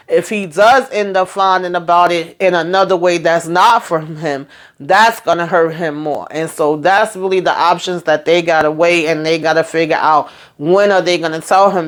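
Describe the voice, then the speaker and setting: Chatty woman recapping a TV episode. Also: fairly low pitch. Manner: chatty, animated retelling with filler words. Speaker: TV show recap vlogger. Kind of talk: casual episode review and recap.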